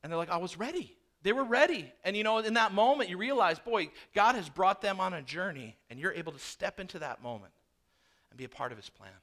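A male pastor in his thirties delivers a sermon in a lively storytelling manner, slipping into the voices of the people in his anecdotes. His voice sits high and sounds bright. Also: a little fast. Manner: animated storytelling, acting out dialogue. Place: church.

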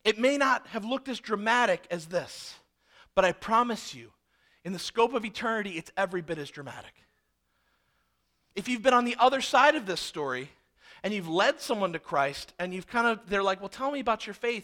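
A male pastor preaching a sermon, animated and acting out the people in the story. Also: high-pitched, brisk. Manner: animated, acts out characters.

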